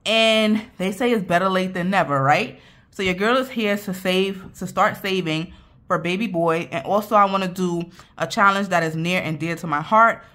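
A woman's voice: on the low side, a bit bright. A young woman hosting a budgeting vlog, chatty and playful, speaking straight to her viewers and a little out of breath. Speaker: budgeting channel host. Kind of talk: casual vlog talk.

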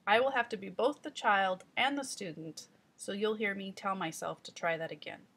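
A woman reading teacher giving calm, step-by-step instructional narration. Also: mid-range voice, normal speed, slightly rough. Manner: calm, explanatory, guiding the listener step by step.

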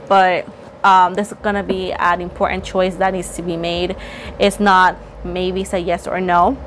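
A woman doing a casual tarot reading to camera, chatty, playful and teasing, getting excited as she goes. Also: lowish voice, a little hiss or hum. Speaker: tarot reader.

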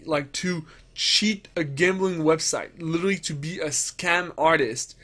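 Brief: male gaming commentator, rants and swears, voice sits fairly high. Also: fairly bright tone. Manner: ranting, profane, mocks others in put-on voices. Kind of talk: commentary vlog.

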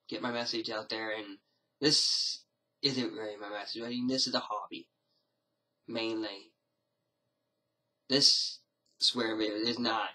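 A man's voice: lowish voice, pushed and bright, poor audio. A man talking casually to his camera in a rambling, hesitant way, often restarting his sentences. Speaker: vlogger. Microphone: camera mic.

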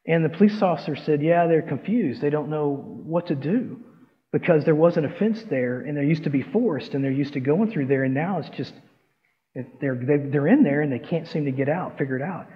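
A man's voice: fairly high pitch, fairly quick. A man preaching a sermon in a casual, folksy storytelling way, acting out the voices in his stories. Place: church sanctuary. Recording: muffled church recording with long reverb.

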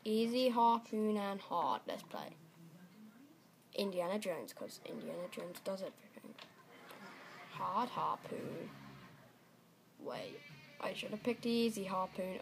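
Excitable young woman gaming. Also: mid-range voice, measured pace, creaky, pauses often, a little hiss or hum. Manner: excitable, shrieks and laughs at mishaps. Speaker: gaming channel host. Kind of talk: casual gameplay commentary.

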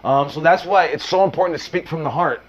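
A man in the role of a wrestling coach, talking students through promos in a loose, rambling way with plenty of fillers and restarts. His voice sits fairly high for a man, and the recording sounds dull and lo-fi. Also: fast talker. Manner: uses mild profanity. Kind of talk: casual instructional talk.

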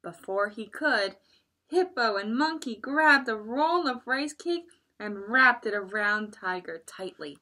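A woman librarian with a slightly high voice reads a picture book aloud at children's story time, taking it slowly. She is expressive and adds chatty asides for the kids.

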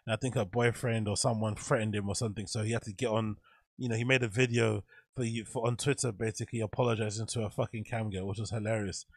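A man's voice: fairly low pitch, little pitch movement, fast, no echo, clean studio sound. A man streaming casual reaction commentary, incredulous and laughing often.

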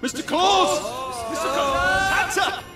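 A man's voice: very high voice, big pitch swings, slow, heavily acted. An actor voicing a frantic male reindeer, calling out anxiously for Santa.

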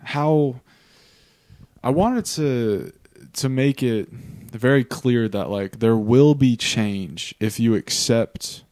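A man's voice: mid-range voice, animated, slow, a little mellow, dry recording. A young man, a pastor hosting a faith podcast, talking in an earnest, reflective way and restarting often. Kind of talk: casual faith discussion.

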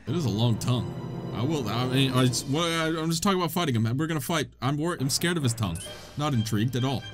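A gamer and channel host narrates his let's play with excitable, self-mocking energy, often laughing at his own blunders. His medium-pitched voice runs fairly quick over background game music.

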